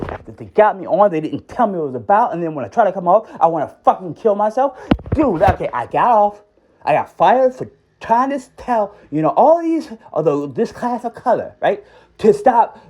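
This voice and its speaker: On a recorded phone call, a man who used to be a schoolteacher rambles in an agitated, heated rant, constantly asking "right?" and calling people "dude." His voice is high and a little mellow.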